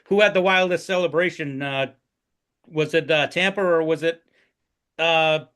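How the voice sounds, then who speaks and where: A bright-voiced man asking a halting question. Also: fairly high pitch, fairly even intonation, smooth. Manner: halting question with filler words. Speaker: podcast co-host asking questions. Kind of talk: casual chat.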